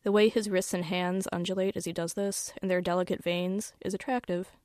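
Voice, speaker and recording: A woman author reading her own first-person story aloud in a wry, measured storytelling manner. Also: lowish voice, little pitch movement, darkish tone, no echo, clean studio sound.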